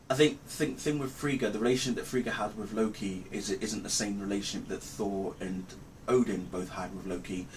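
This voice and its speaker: Halting man retelling a film. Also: on the low side, a little hiss or hum. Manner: rambling, halting retelling with many ums. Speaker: movie reviewer. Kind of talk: casual spoken film review.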